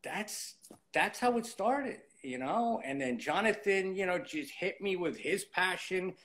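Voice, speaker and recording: Lively storyteller man in his fifties. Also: high-pitched, a little slow. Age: 50s. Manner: animated storyteller acting out old conversations. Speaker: interview guest. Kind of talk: casual storytelling interview.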